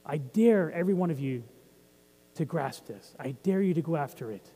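Conversational preacher with a ringing hall. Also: male voice, on the high side, lively intonation, moderate pace, dark tone. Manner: conversational, asks the audience questions. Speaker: pastor. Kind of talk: sermon.

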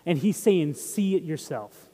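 A man's voice: a little high, animated, measured pace, warm tone, big-room sound. A man preaching a sermon as pastor, talking in a conversational way and putting questions to the congregation. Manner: conversational, asks the audience questions.

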